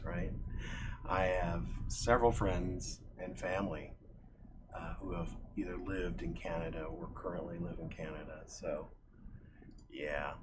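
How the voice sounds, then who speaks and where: Low-voiced man chatting over background hiss. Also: steady tone, unhurried. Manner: rambling, chatty, self-deprecating. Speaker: livestreaming digital artist. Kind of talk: casual chat while drawing.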